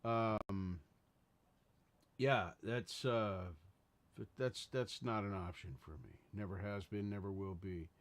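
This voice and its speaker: A man's voice: lowish voice, steady tone, slow pace. A man hosting a casual livestream, talking earnestly and rambling as he greets viewers in chat. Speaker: livestream host.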